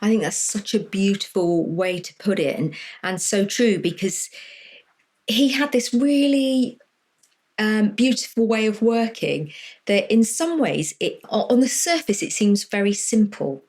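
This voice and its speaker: A woman co-hosting a podcast, speaking gently and appreciatively, with hesitant restarts. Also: medium pitch, animated, measured pace. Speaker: podcast co-host. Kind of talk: casual podcast chat.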